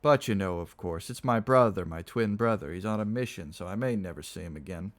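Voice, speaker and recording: A man's voice: low-pitched, animated, a little fast. A man voicing a fussy, vain aging male cremator with a slight stutter, in a read-aloud story. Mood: mannered.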